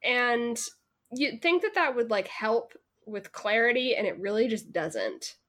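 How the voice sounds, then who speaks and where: A woman's voice: on the high side, very animated, measured pace, a bit bright. A woman co-hosting a podcast, chatting with sardonic, exasperated comments and laughing along. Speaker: podcast co-host. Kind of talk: casual chat.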